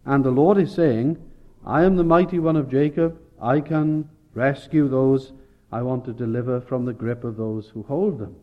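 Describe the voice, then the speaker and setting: A man's voice: mid-range voice, moderate pace, dull audio. A man preaching a sermon, explaining scripture and rising to emphatic peaks. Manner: expository, rising with emphasis, self-correcting.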